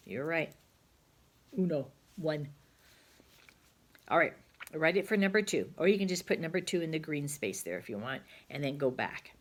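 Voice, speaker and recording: A woman's voice: deep voice, expressive, normal speed, pauses often. A woman teaching a phonics lesson to young children, patiently sounding out words aloud.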